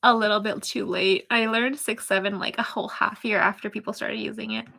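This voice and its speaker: A woman's voice: medium pitch, steady tone, brisk, vocal fry, pushed and bright. A young woman with a Toronto accent, chatting casually on a live stream, reading out her chat and rambling with lots of fillers and little giggles.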